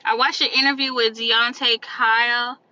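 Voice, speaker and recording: A woman's voice: on the high side, flat delivery, moderate pace, bright, forceful tone. A woman speaking bluntly and profanely in an emphatic social-media monologue. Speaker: creator in a played clip. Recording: lo-fi played clip.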